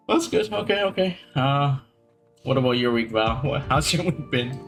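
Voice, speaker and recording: A man's voice: fairly high pitch, normal speed, a bit bright, soft background music. A man co-hosting a casual gaming podcast, talking in a rambling, slangy way with frequent swearing. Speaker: podcast co-host. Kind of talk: casual chat.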